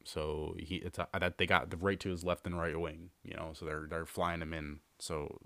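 A man's voice: low voice, flat delivery, normal speed, creaky, fairly bright tone, dry recording. A man hosting a podcast, casually telling a long story with lots of fillers and restarts. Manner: rambling, filler-heavy, repeats himself. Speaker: podcast host.

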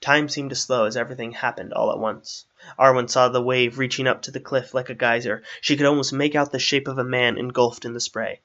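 A man narrating a fantasy story aloud in a steady storytelling manner. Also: mid-range voice, fairly quick, lo-fi sound.

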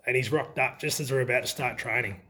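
A middle-aged Australian man spins old football yarns in a loose, chatty interview. He keeps breaking into laughter as the stories unfold, his voice sitting at an everyday middle pitch. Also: quick pace, sharp tone, a little hiss or hum. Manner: laughs often while telling stories. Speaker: former country footballer. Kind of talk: casual storytelling interview.

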